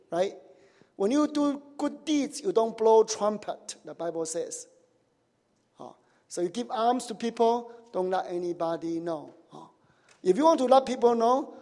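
A pastor preaches a sermon in a high, light, mellow voice that rings through a church hall with long reverb. He keeps questioning the congregation, checking in with "right?" and "huh?", and his grammar is nonnative.

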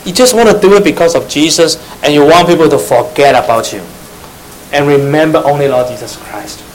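A man with a somewhat high voice and delivers a sermon to a young congregation. He quizzes his listeners, repeats his key phrases and slips in teasing asides. A faint hiss sits under his voice. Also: a little fast, poor audio. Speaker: preacher. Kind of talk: sermon to young church members.

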